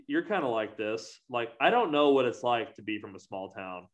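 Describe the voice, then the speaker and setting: A man talking casually among friends, his sentences wandering and packed with fillers. His voice sits at an ordinary middle pitch. He sounds relaxed and conversational. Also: normal speed. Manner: rambling, lots of "like" fillers. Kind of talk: casual chat.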